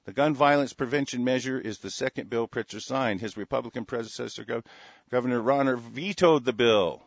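A man's voice: mid-range voice, fairly quick, no echo, dull audio. A middle-aged man reading news stories aloud and breaking off into angry, sarcastic, profane rants. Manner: angry, sarcastic, swears a lot, reads then rants. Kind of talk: profane ranting commentary on news.

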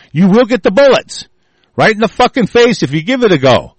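High-voiced guy ranting furious and swearing nonstop, dry close sound. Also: sing-song, fairly quick, dry recording. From United States. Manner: furious, profane, shouting threats. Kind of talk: angry political rant.

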